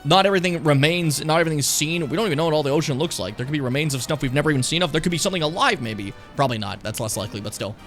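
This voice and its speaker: A man's voice: on the high side, very fast, hardly any pauses, fairly bright tone. A man streaming a video game, talking in a rambling, sarcastic and profane way. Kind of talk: casual gameplay commentary. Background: game music.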